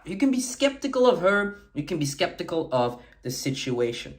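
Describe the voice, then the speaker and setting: An emphatic man gives dating advice straight to camera. His pitch swings widely as he punches key words. He keeps checking in with a quick "okay?" and slips into little acted-out lines. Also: very animated. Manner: emphatic, repeats "okay?" often; acts out sample lines in varied tones. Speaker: dating coach. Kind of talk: talking-head coaching video.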